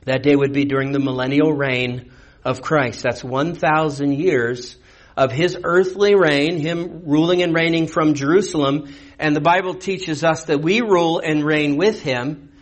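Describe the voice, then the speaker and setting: A man preaching a verse-by-verse sermon in a conversational teaching manner, posing rhetorical questions. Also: fairly high pitch. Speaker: pastor. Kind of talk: expository sermon.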